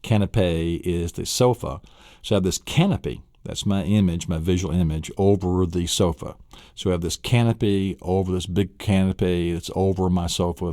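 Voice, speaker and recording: A deep-voiced man from Tennessee with a Southern US accent leads a memory-training lesson. He repeats words and quizzes the listener in an upbeat way. The recording is close and dry. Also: darkish tone, no room sound. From Tennessee, USA. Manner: enthusiastic, repetitive quizzing with vivid imagery.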